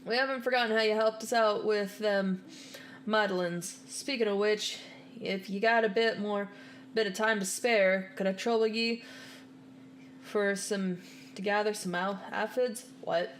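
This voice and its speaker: A woman's voice: medium pitch, a little slow, a little hiss or hum, lightly acted. A woman reading a folksy male stablehand's lines in a rustic country dialect, with game music underneath. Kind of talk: reading game dialogue aloud.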